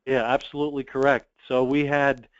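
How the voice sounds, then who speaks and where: A man's voice: medium pitch, level tone, brisk, clean tone, no room sound, lo-fi sound. A man who owns an online store, talking directly and confidently as a guest in a business interview, with frequent ums. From United States.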